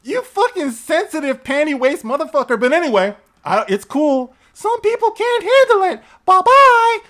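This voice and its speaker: Man putting on a shrill falsetto mocking voice, sneering and dismissive. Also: very animated, moderate pace, bright, forceful tone, full character voice. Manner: squealing, mocking.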